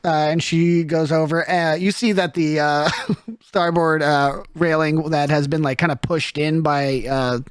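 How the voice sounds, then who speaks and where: A man's voice: a little high, steady tone, measured pace, clear, resonant tone, no room sound, clean studio sound. A man narrating a tabletop game as game master, in a loose, filler-heavy way.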